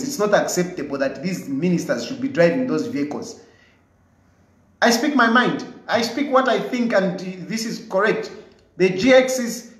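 A man's voice: high-pitched, fairly bright tone, echoey room, low-quality recording. A man with a Zambian English accent, replying to viewer comments in an emphatic, combative way that keeps repeating his points.

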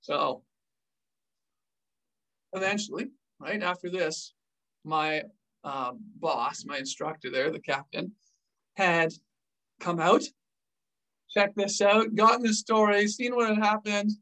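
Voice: mid-range voice, slow, pauses often, far from the mic, low-quality recording. A former army officer telling a war story on a vlog, acting out the scenes with gestures. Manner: animated, acts scenes out with gestures.

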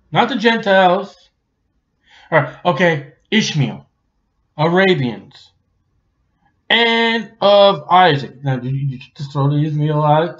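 A man preaching an expository sermon in a lively, colloquial way, swinging between loud and hushed. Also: fairly high pitch. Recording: dull lo-fi recording.

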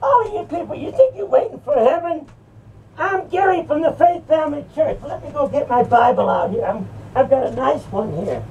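A woman's voice: sits high, animated, normal speed, mellow, highs cut off, slight background noise. Woman doing a drunk scornful preacher. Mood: mocking. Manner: taunting, rowdy, slurring drunk bragging. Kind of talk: comic rant to camera. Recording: distant mic with faint music.

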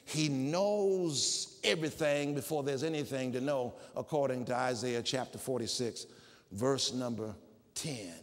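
A man preaching a sermon in a church, emphatic and climbing to shouted peaks. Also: on the high side, long reverb tail. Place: church sanctuary.

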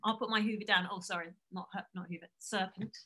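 A woman teaching a song to children, speaking in an energetic, sing-song way. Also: medium pitch, quick pace, noisy background. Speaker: singing teacher. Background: piano.

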